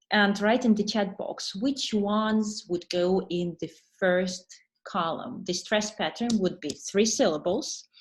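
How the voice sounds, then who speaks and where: Slow, patient woman teacher trainer. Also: medium pitch. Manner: slow, patient explaining, pausing for chat answers. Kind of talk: online webinar lesson.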